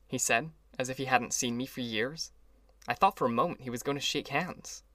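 A man reads a classic novel aloud in an audiobook. His storytelling is measured and even, at a middle pitch. The recording is close and dry, with no room sound. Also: dry recording. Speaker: audiobook reader. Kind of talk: scripted narration.

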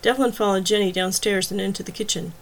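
Brief: female audiobook narrator, steady scripted storytelling, mid-pitched. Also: quick pace, gravelly.

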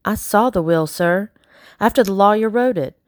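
A woman's voice: medium pitch, moderate pace, no room sound, studio quality, voice pushed up, lightly acted. A woman reading an audiobook, voicing an earnest young girl who stays carefully polite. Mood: insistent. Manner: earnest, pleading, carefully proper. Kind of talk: audiobook character voice.

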